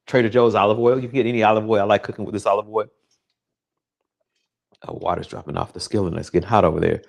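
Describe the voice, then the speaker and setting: A man's voice: lowish voice, creaky, slight background noise, rough recording. Joking man cooking live. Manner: joking, chatty, talks to viewers by name. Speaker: home cook streaming to viewers. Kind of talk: casual live cooking chat. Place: home kitchen, indoors. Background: sizzling pan.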